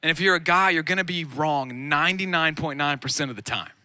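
A man in his thirties preaching a sermon on a lawn, energetic and conversational with self-deprecating humor. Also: a little high, a little fast, no room sound. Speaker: pastor. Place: outdoor lawn gathering.

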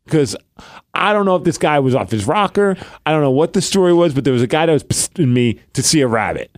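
A man co-hosting a podcast, telling a story in casual chat and acting out quoted lines in a hushed voice. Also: a little high, expressive, a little fast, no echo, studio quality. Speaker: podcast co-host.

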